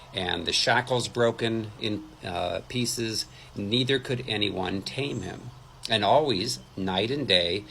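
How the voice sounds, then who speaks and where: A man's voice: lowish voice, vocal fry, fairly bright tone, a little hiss or hum, low-quality recording. A man teaching from the Bible like a sermon, reading passages aloud and adding his own asides. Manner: reads scripture aloud with asides, some hesitant fillers. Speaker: deliverance minister.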